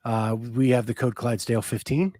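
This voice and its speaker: A man hosting a podcast, chatting casually and reading sponsor spots in a relaxed way with frequent ums. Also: medium pitch, a little fast, no room sound. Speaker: podcast host. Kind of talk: casual chat and sponsor reads.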